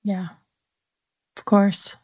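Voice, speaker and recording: A woman's voice: very slow, darkish tone, no room sound, clean studio sound. A woman hosting an interview, thoughtful and articulate, responding with empathy. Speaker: host. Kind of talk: interview conversation.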